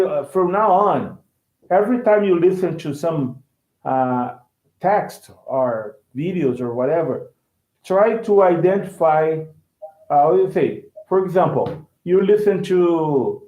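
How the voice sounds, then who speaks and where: A male language teacher with a Brazilian Portuguese accent explains English casually, halting and repeating words. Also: a little high, expressive. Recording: echoey, tinny phone-like sound.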